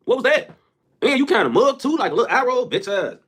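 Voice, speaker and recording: A young man, telling profane, animated stories on a livestream and laughing often. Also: very high-pitched, fast, slightly rough. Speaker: rapper on a livestream. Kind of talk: casual livestream rant.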